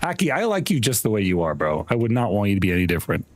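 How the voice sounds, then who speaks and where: A man's voice: lowish voice, very animated, rapid-fire, slight background noise. A man streaming a game, chatting casually with a friend while he plays, laughing often and swearing casually. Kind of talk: casual gaming chat.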